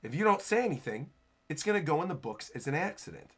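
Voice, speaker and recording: A man voicing a cruel, sneering male noble villain in a low, menacing read-aloud voice. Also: sing-song, quick pace, husky.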